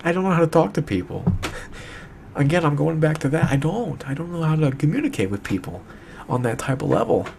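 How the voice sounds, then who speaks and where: A young man speaks to the camera, distraught and holding back tears. His voice is a little high and gravelly with a rough, creaky edge. He talks in halting, repetitive bursts and swears as he struggles to find the words, over a faint hiss. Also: expressive, darkish tone. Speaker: video maker addressing a friend. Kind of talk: emotional direct-to-camera monologue.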